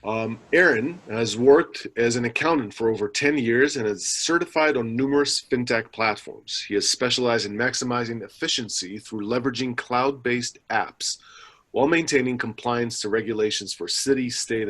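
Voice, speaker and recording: A man's voice: medium pitch, normal speed, a bit bright. Man moderating a webinar. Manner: reads announcements with fillers and small restarts. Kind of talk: scripted webinar introduction.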